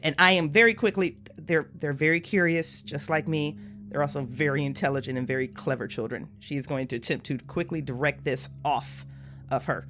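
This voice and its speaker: A woman's voice: low-pitched, a little fast, fairly bright tone, soft background music. A woman player in a tabletop game, describing her character's actions in a conversational way.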